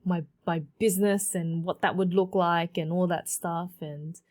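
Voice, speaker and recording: A woman in her thirties hosting a solo podcast, telling her story in a chatty, animated way with many fillers and repeats. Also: fairly low pitch, a little slow. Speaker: podcast host.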